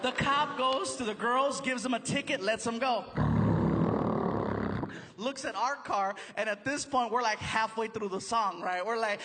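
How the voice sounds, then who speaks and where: A man doing stand-up storytelling, animated and quick, slipping into voices and impressions, on a large theater stage. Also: extremely high pitch, background noise. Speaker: stand-up comedian. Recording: live hall recording with audience ambience.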